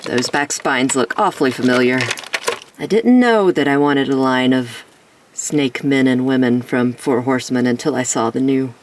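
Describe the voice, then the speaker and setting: Toy reviewer, sick rough voice, chatty, self-deprecating, mid pitch, set back from the mic. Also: moderate pace, distant mic, slight background noise, low-quality recording. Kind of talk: casual action figure review.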